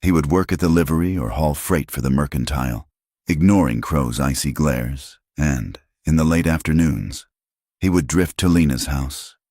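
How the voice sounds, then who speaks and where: In a dry, close recording with no room echo, a man whose voice is extremely low and deep reads a frontier story aloud. It's a scripted audiobook, and his delivery stays steady and measured.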